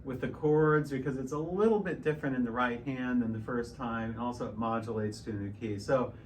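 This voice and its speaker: A middle-aged man teaching piano in a relaxed, explanatory way, stopping and restarting often. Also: medium pitch, fairly quick. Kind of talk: casual piano tutorial. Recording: piano loud in the background.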